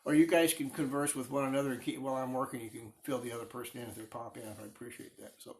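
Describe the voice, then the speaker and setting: A man's voice: mid-range voice, little pitch movement, fast talker, hardly any pauses. A middle-aged man chatting casually with live viewers while sanding wood on a lathe in his workshop, rambling and reading their comments aloud. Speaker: woodworker streaming live. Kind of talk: casual chat while working. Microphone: phone.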